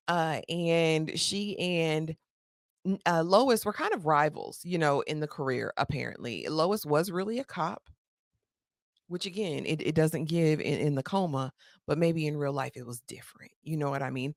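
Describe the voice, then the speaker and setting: A woman's voice: low-pitched, dry recording, clean studio sound. A woman recapping a TV episode in a sassy, chatty way with slangy asides. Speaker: TV recap host.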